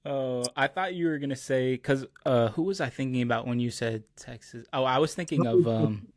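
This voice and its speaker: A man's voice: medium pitch, normal speed, darkish tone, dry recording. A young man hosts a casual podcast chat. He rambles and hunts for words, filling gaps with ums and likes. His voice sits mid-range, recorded dry and close. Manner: rambling, searches for words with many fillers. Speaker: podcast host.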